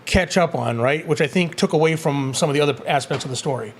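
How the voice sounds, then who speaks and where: A man co-hosting a casual spoiler review of a movie, excitable and quick to act out characters' lines in goofy voices. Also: fairly high pitch, a little hiss or hum. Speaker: co-host of a movie review show.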